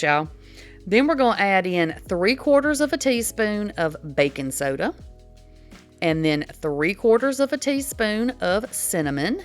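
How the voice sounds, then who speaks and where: A woman's voice: medium pitch, animated, moderate pace, faint music behind. An older woman, hosting a casual home cooking demo in her kitchen, folksy and chatty. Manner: chatty, folksy, says y'all a lot. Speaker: cooking channel host.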